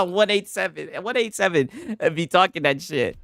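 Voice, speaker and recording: A man streaming a casual reaction chat, loud and joking, swearing and laughing a lot. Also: sits high, animated, normal speed, creaky, dry recording, clean studio sound, soft background music.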